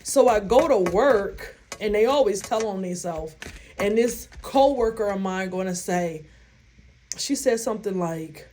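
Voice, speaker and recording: Woman vlogger talking straight to viewers, animated and blunt, swears freely, acts out her reactions. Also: mid-range voice, a little slow. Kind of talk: casual storytelling to viewers.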